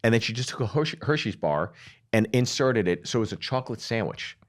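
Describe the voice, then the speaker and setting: A man's voice: on the low side, expressive, fast talker. Podcast cohost guy, playful, storytelling, voice bounces all over, calls his buddy dude. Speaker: podcast co-host. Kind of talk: casual comedic chat.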